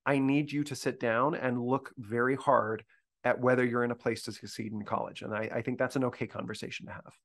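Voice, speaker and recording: A man's voice: medium pitch, fairly even intonation, a little fast, a bit bright. A man briefing university faculty in a conversational discussion, earnest and thinking aloud with frequent restarts.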